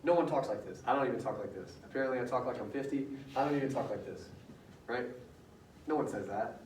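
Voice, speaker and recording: A man's voice: mid-range voice, fast talker, a little mellow, a little hiss or hum. Brief: man teaching a class, chatty and questioning, heard from across an echoey room. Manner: conversational, quizzes students with questions. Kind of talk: classroom lecture. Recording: roomy classroom audio from far off.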